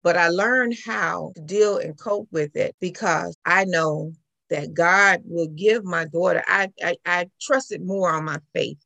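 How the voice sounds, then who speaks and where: A middle-aged woman tells her own story as an interview guest. Her voice sits low and gravelly, and it is recorded dry and close. She talks in an animated way. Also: measured pace, no room sound. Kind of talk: personal account in conversation.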